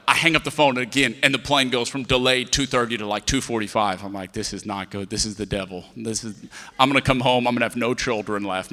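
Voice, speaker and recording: A pastor preaches to a congregation, acting out the voices of each person in his story. He is a man in his thirties with a bright, forceful tone. His voice rings out with the long reverb of a large church hall. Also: lowish voice. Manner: storytelling, acts out dialogue with voices. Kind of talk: sermon.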